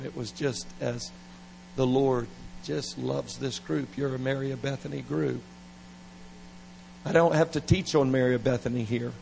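Slow, gravelly man preaching. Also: medium pitch, a little hiss or hum, low-quality recording. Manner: animated, playful, laughing asides. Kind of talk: revival sermon.

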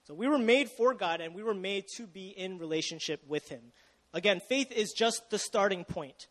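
A young man preaching in a relaxed, conversational way, with a light, high voice. He keeps asking his listeners questions and stumbles over restarts, and his words ring out with a long hall echo. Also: moderate pace. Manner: casual, chatty, asks the audience questions, self-interrupting. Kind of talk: sermon.

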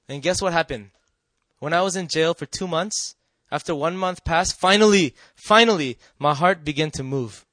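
A man's voice: on the high side, no echo. Earnest man telling a personal testimony. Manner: storytelling, often asking the listeners "right?"; earnest and emotional, drops soft and quiet at tender moments. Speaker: speaker sharing a personal testimony. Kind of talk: personal testimony to a live audience.

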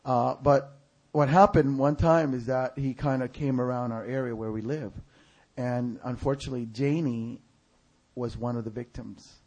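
A male preacher telling a story in a sermon. He shouts other people's lines in a high voice. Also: fairly even intonation, moderate pace, lo-fi sound.

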